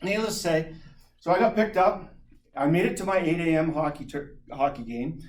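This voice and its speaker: A man's voice: on the high side, moderate pace. Man telling a funny story. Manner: lively, chuckling, imitates sounds. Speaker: club speaker. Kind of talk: humorous personal storytelling speech.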